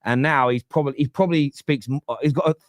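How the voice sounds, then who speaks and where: A man with a Cockney accent hosting a casual football chat, rambling and animated, with lots of restarts. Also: medium pitch, fast, no room sound, studio quality. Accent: London Cockney.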